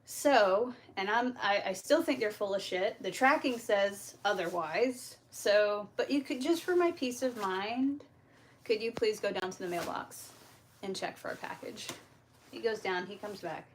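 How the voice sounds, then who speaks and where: A young woman hosting a homestead livestream, telling a story in a casual, animated way, swearing and acting out the exchanges. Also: medium pitch, unhurried, a little hiss or hum. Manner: animated, profane, acts out quoted exchanges. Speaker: homestead channel host.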